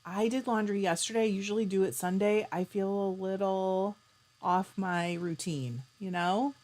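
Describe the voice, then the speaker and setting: A woman chats her way through a live stream at a middling pitch. She reads viewers' comments aloud and answers each one in a friendly, easygoing way. Now and then she stops to clear her throat. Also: normal speed. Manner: chatty, reads out comments and answers them warmly. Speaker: livestream host.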